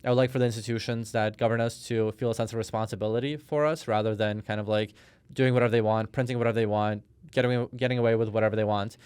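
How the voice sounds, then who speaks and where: Smooth-voiced Russian-born man, thirties. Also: lowish voice, steady tone, quick pace, darkish tone, no echo. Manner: storytelling, hesitant with many restarts and fillers. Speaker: guest. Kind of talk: conversational interview.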